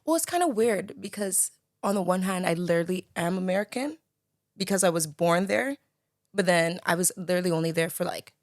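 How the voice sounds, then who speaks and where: Young woman, light Bahamian accent, low-pitched, dry close sound, chatty with lots of "like". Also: expressive, brisk, no echo. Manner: chatty, leans on "like" and "you know". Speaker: podcast guest. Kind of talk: casual conversation.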